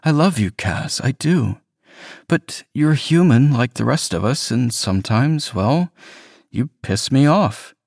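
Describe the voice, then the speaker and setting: A man's voice: mid-range voice, expressive, slow pace, gravelly, a little mellow, dry recording, clean studio sound, pitched above the performer's own voice, heavily acted. A man voicing a manipulative, decaying young boyfriend who talks in a smothering, coaxing way.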